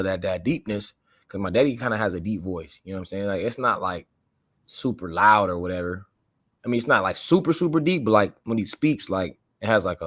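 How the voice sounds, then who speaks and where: A man co-hosting a casual podcast chat, animated and quick to break into high yelps. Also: dry recording, clean studio sound. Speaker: podcast co-host.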